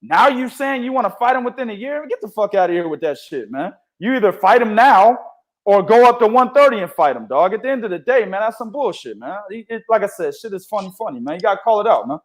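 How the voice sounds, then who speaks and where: A fast-talking man with a high-sitting voice co-hosts a casual boxing podcast. He's animated and profane, telling stories thick with slang.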